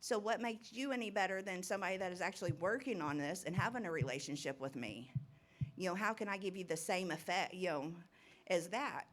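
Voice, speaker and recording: A middle-aged woman giving an informal, rambling testimony talk at a recovery ministry, nervous and laughing often. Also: medium pitch.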